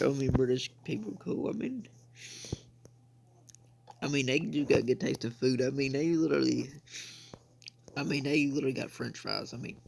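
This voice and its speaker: With a mid-range voice and vocal fry, a young American man running a gaming channel rambles casually about his gameplay, leaning on "I mean" and "bro" repeatedly. Slight background noise is present.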